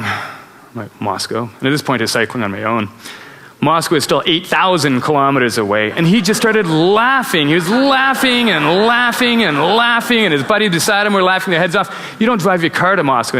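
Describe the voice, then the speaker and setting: A middle-aged man with a bright, forceful voice tells travel stories from a conference stage, animated and quick to chuckle. His voice carries a long auditorium reverb. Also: medium pitch. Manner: animated storyteller, chuckles at his own tales. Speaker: conference speaker. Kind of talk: storytelling talk on stage.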